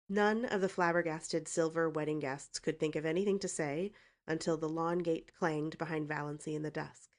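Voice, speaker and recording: A woman reading an audiobook in an expressive narration style. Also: sits low, moderate pace. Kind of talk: scripted narration.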